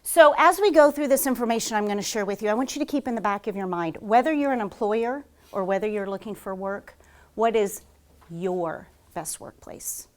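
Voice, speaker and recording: A woman HR consultant giving a conference talk to a live audience, telling stories at a rapid clip with frequent fillers. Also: mid-range voice. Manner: fast-paced, says she talks like an auctioneer; lively storytelling with frequent "um" fillers.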